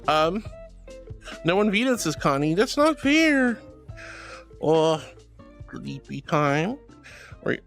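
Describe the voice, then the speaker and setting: A woman's voice: on the low side, very animated, slow pace, long pauses, soft background music. A woman streaming casually, reading chat messages aloud in a bubbly, affectionate way.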